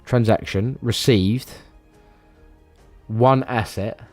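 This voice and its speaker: Rambling low-voiced man streaming. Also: slow pace, faint music behind. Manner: rambling, stammering, swears casually. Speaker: live streamer. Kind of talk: casual live-stream chat.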